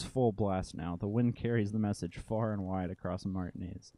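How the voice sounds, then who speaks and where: Man, low voice, mellow tone, reads game text, casual asides. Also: steady tone, moderate pace, few pauses, no echo. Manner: casual, mutters asides between read lines. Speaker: let's play narrator. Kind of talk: reading game text aloud while playing.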